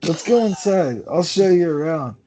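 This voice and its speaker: Mężczyzna grający wulgarnego, pyszałkowatego gwiazdora filmowego. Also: male voice, fairly high pitch, normal speed. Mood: crude. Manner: blunt, rude, deadpan. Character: crude washed-up male movie star, insults kids. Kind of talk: comedy podcast script reading.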